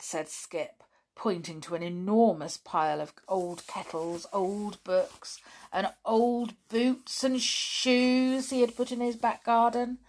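A woman reading a children's story aloud at a gentle, unhurried pace. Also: on the high side.

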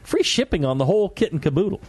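A man's voice: high voice, lively intonation, quick pace, a little mellow, breathy edge. A man hosting a podcast in casual chat, joking and laughing a lot as he rambles through a sponsor read with fillers. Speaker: podcast host.

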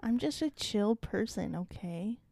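A woman's voice: medium pitch, animated, measured pace, creaky, a little mellow, no room sound. A young woman co-hosting a podcast, chatting casually with dry, laid-back quips. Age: young adult. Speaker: podcast co-host. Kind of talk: casual chat.

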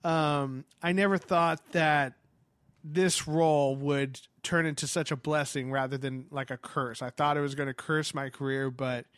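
A man excitedly telling a story in casual chat, animated, with lots of fillers and restarts. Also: a little high, unhurried, clean tone, no room sound.

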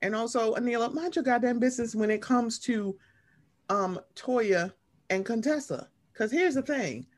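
A woman's voice: fairly high pitch, normal speed. A woman co-hosting a casual recap podcast, blunt and sassy, cursing freely. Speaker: podcast co-host.

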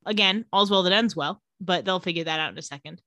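A woman co-hosting a podcast, recapping a TV episode in casual, animated storytelling that is often broken up by laughter. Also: on the low side, quick pace, no echo.

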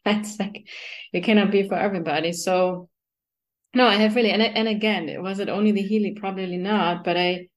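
A woman hosting a podcast interview, talking in an expressive, animated way with many restarts. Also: medium pitch, a little fast. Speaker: podcast host. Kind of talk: conversational interview.

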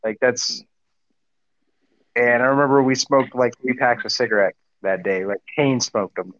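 A man who is an army veteran guest, talking casually on a podcast in a halting, profane way. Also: medium pitch, steady tone, a bit bright, no room sound. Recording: dry, muffled lo-fi audio.

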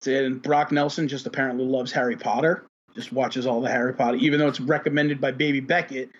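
Guy hosting a podcast, husky voice, rambly and sweary, kinda muffled lo-fi sound. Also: mid-range voice, level tone, fairly quick. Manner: rambling, heavy on fillers, profane. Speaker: podcast host. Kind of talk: casual chat.

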